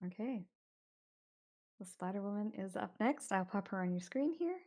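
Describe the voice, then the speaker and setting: A woman narrates a tabletop horror game as game master, describing each scene in a loose, chatty way with plenty of fillers. Her voice sits at an ordinary middle pitch. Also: animated, moderate pace, darkish tone.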